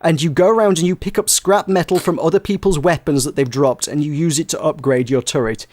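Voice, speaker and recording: A man's voice: brisk, no room sound. Laughing man telling game stories. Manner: animated storytelling, breaks into laughter, high-pitched playful quotes. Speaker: podcast co-host. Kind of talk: casual chat.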